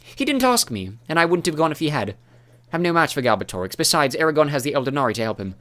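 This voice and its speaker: A man's voice: fairly high pitch, big pitch swings, fast talker, voice pushed up. A man reading an audiobook, voicing a cheery, knowing woman warrior with magic in a raised, teasing voice. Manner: bright, teasing, breezy.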